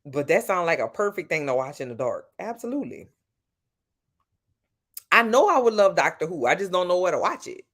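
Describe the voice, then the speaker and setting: A woman's voice: lowish voice, sing-song, brisk, long pauses, a bit bright. A woman from Louisiana with a Louisiana accent, chatting casually and playfully with viewers at home on a live stream. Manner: sassy, playful, talks straight to her viewers. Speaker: live streamer answering chat. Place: at home at night.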